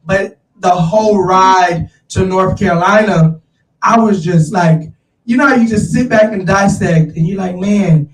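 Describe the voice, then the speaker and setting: A man hosting a casual chat, talking in an animated, slangy way and calling his listeners y'all. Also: sits high, far from the mic. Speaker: show host. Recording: roomy, off-mic sound.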